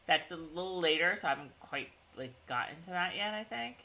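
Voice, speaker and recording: A middle-aged woman chatting through a TV recap on a video call, her fairly low voice swinging widely in pitch. She has a bright, forceful tone. She rambles, restarting her sentences and filling them with "like.". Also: lively intonation, brisk. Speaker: podcast co-host. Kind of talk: casual TV recap chat.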